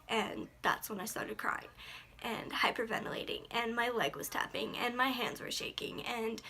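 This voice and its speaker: Teen girl vlogger, bright and slightly high voice, earnest storytime delivery. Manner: earnest, emotional retelling with many fillers. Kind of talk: personal storytime vlog.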